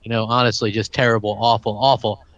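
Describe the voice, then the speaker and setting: A man's voice: lowish voice, flat delivery, fast talker, a bit bright, dry recording, highs cut off. A man calling in to a gaming podcast, joking around loosely and rambling. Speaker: call-in listener. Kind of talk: casual joking call.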